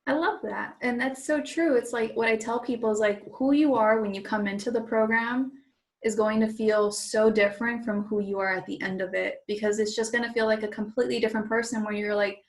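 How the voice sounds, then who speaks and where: A woman's voice: on the high side, steady tone, a little fast. A woman hosting a casual interview as a coach, who talks in an encouraging way and says "like" often. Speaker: host and coach.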